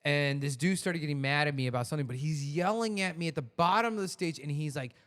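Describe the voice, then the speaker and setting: A young man hosting a podcast, telling animated stories in casual slang. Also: a little high, fast talker. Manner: animated storyteller, slangy, drops "dude" and "bro". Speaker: podcast host. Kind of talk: casual chat.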